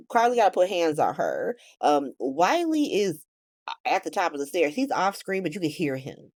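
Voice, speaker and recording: A woman's voice: fairly low pitch, sing-song, normal speed, darkish tone, no echo, studio quality. A woman hosting a soap opera recap, narrating casually in profane slang.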